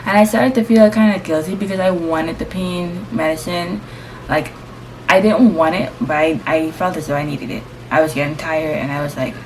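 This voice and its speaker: A young woman vlogger and first-time mom telling her story casually to camera, lively and slangy. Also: lowish voice, low-quality recording. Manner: lively, acts out voices, slangy and chatty. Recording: steady background noise.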